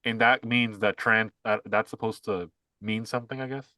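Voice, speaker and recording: A man's voice: fairly low pitch, steady tone, normal speed, pushed and bright, no room sound. Rambling, sarcastic young male podcaster. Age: young adult. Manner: rambling, filler-heavy, sarcastic. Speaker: podcast co-host. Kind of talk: casual political commentary.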